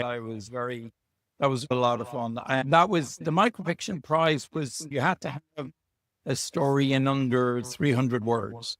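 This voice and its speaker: Irish male author, mid-pitch, chatty storyteller, dry recording. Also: creaky, dry recording. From Ireland. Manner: chatty, anecdotal, self-deprecating. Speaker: author guest. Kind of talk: relaxed storytelling interview. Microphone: video call.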